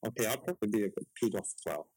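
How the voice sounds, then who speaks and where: A man's voice: on the low side, lively intonation, rapid-fire, darkish tone, slightly rough, no room sound, rough recording. A man co-hosting a podcast over a call, rambling and hesitant with lots of fillers. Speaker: podcast co-host. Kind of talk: casual podcast chat.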